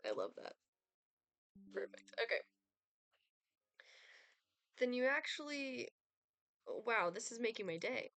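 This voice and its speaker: A woman's voice: on the high side, lively intonation, slow, long pauses, fairly bright tone, dry recording. A woman streaming a dating game, playful and teasing, laughing and reacting to what she reads. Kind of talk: live game playthrough with commentary.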